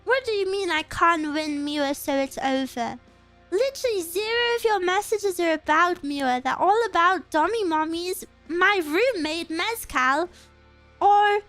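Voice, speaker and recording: A woman's voice: very high voice, fairly bright tone. A woman streamer in a casual live chat, earnestly encouraging her viewers and getting a little choked up. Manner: gets choked up and emotional.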